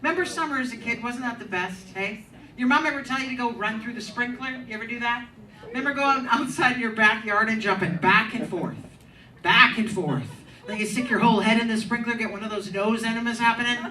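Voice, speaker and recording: A middle-aged woman performs a crude, teasing stand-up set in a comedy club, working the crowd in a fairly high, brisk, bright, forceful voice. The echoey club is recorded from a distance, with audience laughter.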